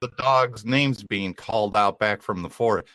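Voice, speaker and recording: A man co-hosting a podcast, explaining things in casual chat in a measured way. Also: on the low side, fairly bright tone. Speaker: podcast co-host.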